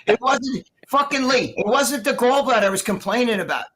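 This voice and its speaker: A man's voice: very high-pitched, bright, forceful tone, slight background noise. Profane, rambling middle-aged man ranting. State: recovering from surgery. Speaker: guest. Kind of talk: casual live-stream chat.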